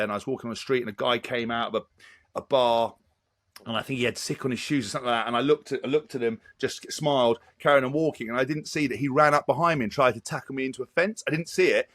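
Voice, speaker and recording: A man, a former rugby player telling animated stories as an interview guest. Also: medium pitch. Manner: animated, rapid storyteller. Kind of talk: anecdotal interview storytelling.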